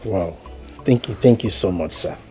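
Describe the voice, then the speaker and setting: A man's voice: low-pitched, normal speed, dark tone, faint music behind, close to an everyday voice. An actor playing a polite young suitor with a Nigerian accent who thanks the uncle and asks to marry his niece. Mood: earnest. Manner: polite, deferential.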